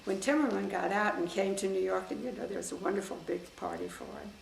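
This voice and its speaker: A woman's voice: medium pitch, fast talker, vocal fry. An older woman telling stories in an oral history interview. She acts out the back-and-forth of conversations she recalls. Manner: lively storyteller, acts out quoted exchanges. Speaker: interviewee, former official. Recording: echoey room with faint hiss.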